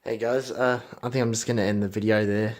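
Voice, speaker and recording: A man's voice: on the low side, fairly even intonation, fast. A man vlogging casually, chatting to his pets and signing off to his viewers. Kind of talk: casual vlog chat.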